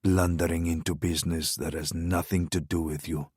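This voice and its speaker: A man voicing a menacing, mocking crown prince in an audiobook thriller, speaking in a low, scornful, taunting tone. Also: little pitch movement, normal speed, darkish tone, slightly rough, no room sound, studio quality.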